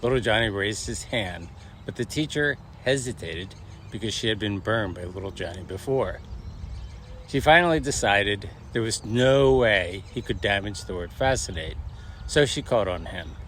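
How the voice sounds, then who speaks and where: Low-ish guy telling joke stories, does the voices, bit of background hiss. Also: moderate pace. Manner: animated, acts out the quoted voices. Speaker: joke teller. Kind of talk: storytelling jokes.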